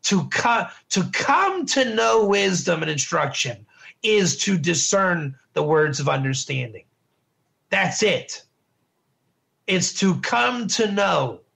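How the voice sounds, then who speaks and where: High, gravelly-voiced male Bible teacher. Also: very animated, slow pace, fairly bright tone. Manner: chatty, repeats words and restarts, asks the class questions. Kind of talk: informal class lecture.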